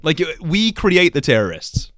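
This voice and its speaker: A man's voice: on the high side, wildly swooping pitch, measured pace, a bit bright, dry recording, studio quality. Heated man in casual political talk. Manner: heated, emphatic, swearing. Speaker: podcast co-host.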